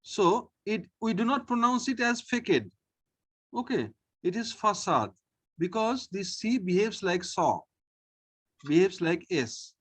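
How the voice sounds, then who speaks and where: A man teaching a French lesson online, slowly and patiently, repeating each sound and often checking in with "okay". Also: sits high, lively intonation, slightly rough.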